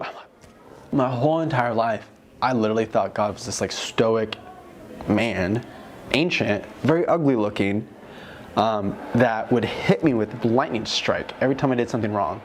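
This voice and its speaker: A man in his twenties giving an emotional personal testimony, telling it in a heartfelt, animated way with many fillers. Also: lowish voice, moderate pace, a little hiss or hum. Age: 20s. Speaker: guest telling a near-death testimony.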